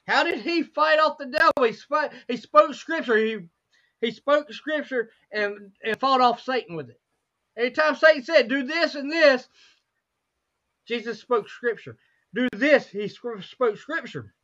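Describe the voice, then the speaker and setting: A hoarse woman with a cracking voice leads a fervent Bible study, repeating phrases and asking rhetorical questions. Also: high voice, unhurried, fairly bright tone, highs cut off.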